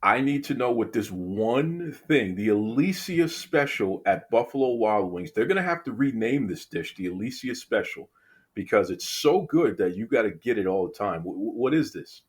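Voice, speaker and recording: A man's voice: fairly low pitch, lively intonation, normal speed, husky. A man from Boston hosting a casual interview, teasing his guest playfully and often repeating words as he starts a sentence. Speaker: podcast host.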